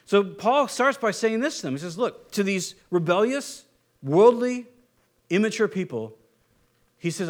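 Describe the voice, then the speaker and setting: A man's voice: high-pitched, animated, measured pace. Conversational male pastor preaching. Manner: conversational preaching with rhetorical questions. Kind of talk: sermon.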